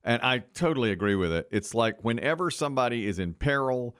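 A man's voice: mid-range voice, lively intonation, brisk, fairly bright tone, no echo, studio quality. A man co-hosting a radio-station podcast, telling rambling stories in casual chat and restarting his sentences. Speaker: podcast co-host.

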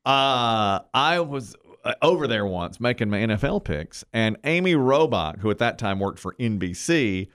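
A man's voice: medium pitch, lively intonation, normal speed, few pauses, a bit bright, clean tone, no echo, studio quality. A middle-aged man hosting a talk show, chatting casually and telling a story, acting out the quotes. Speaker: radio show host.

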